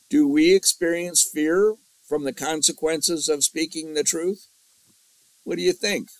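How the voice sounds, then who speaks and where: A man's voice: medium pitch, no room sound, rough recording. A man teaching a Bible study from an outline, repeating key lines and asking his class questions.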